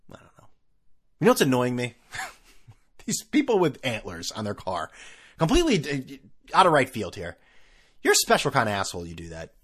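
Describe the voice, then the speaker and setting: A man's voice: on the low side, fairly bright tone. Sarcastic, rambling male podcast host. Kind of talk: casual solo podcast rant.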